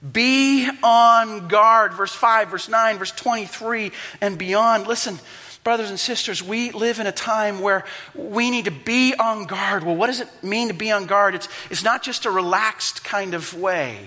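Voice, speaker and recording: A man preaching a sermon as pastor, telling stories dramatically and swinging from hushed to loud and impassioned. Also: high-pitched, normal speed, big-room sound. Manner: impassioned, dramatic storytelling with wide swings in loudness.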